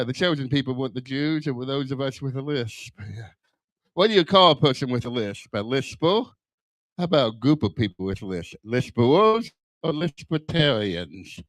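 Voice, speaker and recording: A man's voice: medium pitch, a bit bright, no echo. An older man doing stand-up comedy with a strong lisp that whistles on his s sounds, firing off self-deprecating one-liners on a club stage. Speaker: stand-up comic.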